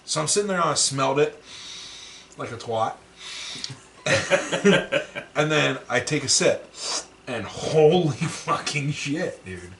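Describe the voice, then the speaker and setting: A man's voice: on the high side, measured pace, creaky, recorded from a distance. A man co-hosting a podcast, telling stories in casual chat, profane and laughing often. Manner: animated, profane, laughs often, acts out quotes. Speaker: podcast co-host. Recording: roomy echo, a bit off-mic, faint background noise.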